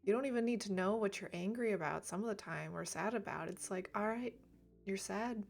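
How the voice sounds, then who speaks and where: A woman speaking gently and reflectively on a livestream about emotions, laughing lightly now and then. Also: mid-range voice, brisk, vocal fry, soft background music. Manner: soft, reflective, laughs lightly, drops to near whisper at times. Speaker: reiki streamer. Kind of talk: gentle spiritual talk on a livestream.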